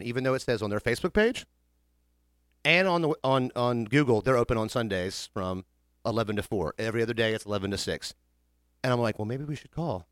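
A man's voice: mid-range voice, fairly bright tone, no room sound, clean studio sound. A man telling a long funny story in casual chat, acting out the voices of people in it.

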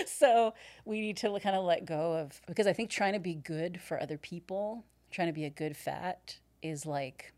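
A woman yoga instructor talking earnestly as a podcast guest, animated and laughing often. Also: lowish voice, moderate pace, hardly any pauses, no room sound. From Canada. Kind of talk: casual podcast interview.

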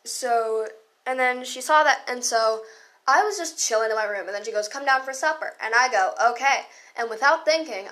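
A woman's voice: a little high, fairly bright tone. A teenage girl ranting in a casual storytime vlog, sarcastic and full of swearing.

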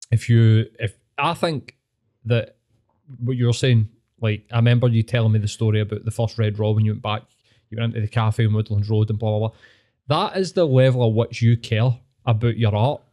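A man's voice: on the low side, steady tone, normal speed, warm tone. A Scottish man hosting a podcast, chatting casually and earnestly with plenty of swearing. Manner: swears freely, matey and earnest. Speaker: podcast host.

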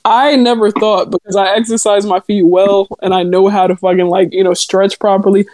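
A young woman co-hosting a podcast, talking in casual, profane, animated banter and laughing a lot. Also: medium pitch, fairly quick, no echo. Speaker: podcast co-host.

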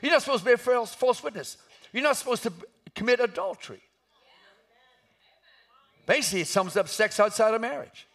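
A man preaching an impassioned sermon, building to shouts at the peaks of his points. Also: very high voice, brisk, long pauses.

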